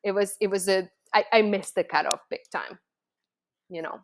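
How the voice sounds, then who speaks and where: A woman's voice: mid-range voice, normal speed, slight background noise. Earnest woman telling a personal story. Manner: emotional, earnest, many fillers. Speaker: host.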